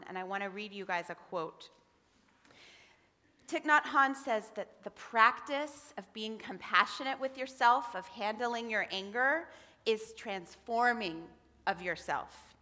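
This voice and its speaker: A woman giving a gentle, patient children's message to kids in front of a congregation, encouraging them as she talks. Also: medium pitch. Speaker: religious educator leading a children's time. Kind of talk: children's message in a worship service. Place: large hall in a congregation. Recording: echoey hall with music.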